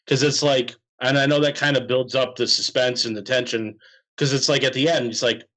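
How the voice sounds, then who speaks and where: Male podcast co-host, mid-pitched, loose halting film chat. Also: fairly even intonation, a bit bright, poor audio. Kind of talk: casual film review chat.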